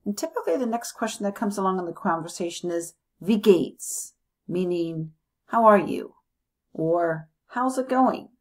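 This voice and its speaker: Breathy-voiced woman teaching a lesson. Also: mid-range voice, lively intonation. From United States. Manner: slow, careful modeling of phrases, repeating them. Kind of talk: language lesson.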